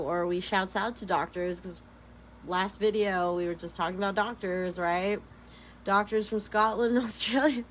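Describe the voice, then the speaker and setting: A woman's voice: mid-range voice, slight background noise. Californian woman, chatty tarot vlogger, giggly and rambling, faint crickets outside. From Sacramento, California. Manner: rambling, giggly, says "like" constantly. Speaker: tarot reader. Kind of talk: casual tarot-reading vlog chat.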